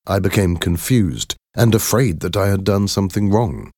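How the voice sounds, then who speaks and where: A man reading a first-person story aloud in a slow, measured, clear way. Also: deep voice, a little mellow, dry recording, clean studio sound. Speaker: narrator.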